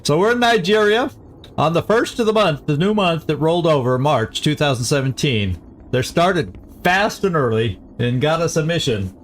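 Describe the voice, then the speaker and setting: A man's voice: fairly high pitch, animated, moderate pace, slight background noise. A man hosting a channel who comments on a strategy game, thinking aloud and correcting himself as he plans moves. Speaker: gaming channel host.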